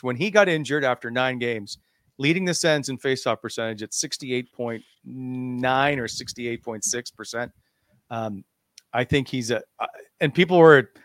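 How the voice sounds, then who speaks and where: A man hosting a casual sports chat, briskly moving through news items between banter. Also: medium pitch, fairly bright tone, no room sound, studio quality.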